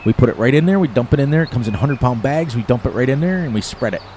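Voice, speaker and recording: An older man in his sixties, from the eastern United States, talks through a farming game in a loose, rambling way. His voice sits at a medium pitch, and he chuckles at his own jokes. Faint outdoor noise hums behind him. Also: lively intonation, fast talker, darkish tone. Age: 60s. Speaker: gaming streamer. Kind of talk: casual gameplay commentary.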